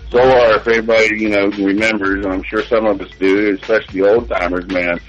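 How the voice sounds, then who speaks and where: A man's voice: lowish voice, steady tone, fast talker, dull audio, soft background music. A man co-hosting a radio show, chatting in a laid-back way and dropping "man" and "you know". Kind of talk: casual chat on a radio show.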